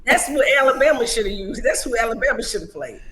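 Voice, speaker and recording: A woman's voice: fairly high pitch, expressive, quick pace, a crowd in the background, low-quality recording. A woman co-hosting a sports podcast, talking in a joking, teasing and emphatic way. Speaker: podcast co-host. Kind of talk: casual sports chat.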